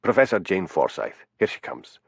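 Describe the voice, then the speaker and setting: A man voicing a bullying, heavyset male police chief inspector with a Glasgow accent, gruff and truculent, in an audiobook. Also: deep voice, big pitch swings, moderate pace, dry recording, studio quality, heavily acted. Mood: scornful. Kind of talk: audiobook character voice.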